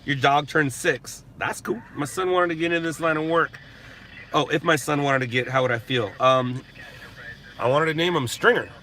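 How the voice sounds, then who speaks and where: A man's voice: a little high, moderate pace, sharp tone, a little hiss or hum. A man hosting a live stream from a parked spot, casually answering viewer questions and joking around. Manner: laid-back, joking, answering chat questions. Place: parked in a parking lot at sunset.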